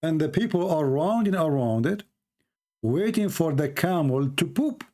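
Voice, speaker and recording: Male, Arabic native, Middle Eastern origin; slightly high voice; sarcastic, scoffing video commentator. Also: expressive, a little slow, a little mellow. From Middle East. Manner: mocking, sarcastic. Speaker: religious commentator. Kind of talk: casual commentary over a video.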